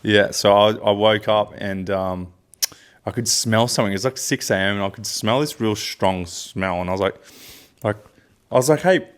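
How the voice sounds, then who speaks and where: A man's voice: lowish voice, moderate pace, clear, resonant tone. A young man co-hosting a podcast, telling a story in casual chat with lots of fillers. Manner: rambling storyteller, many fillers. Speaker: podcast co-host.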